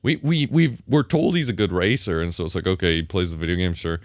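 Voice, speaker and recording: A man's voice: deep voice, quick pace, dry recording. A man co-hosting a podcast, criticizing a film in casual chat with a dry, sardonic tone. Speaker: podcast co-host.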